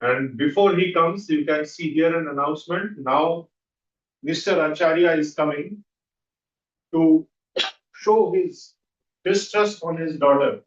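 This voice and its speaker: A man leading a guided visualization exercise as a trainer, coaching with quick repeated questions. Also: a little high. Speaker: NLP trainer. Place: training room. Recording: dull echoey room audio from far off.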